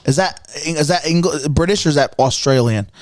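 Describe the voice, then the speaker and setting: A comedian from Connecticut, a man chatting crudely and excitably on a podcast. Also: on the high side, normal speed, no echo. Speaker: comedian guest. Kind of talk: casual podcast chat.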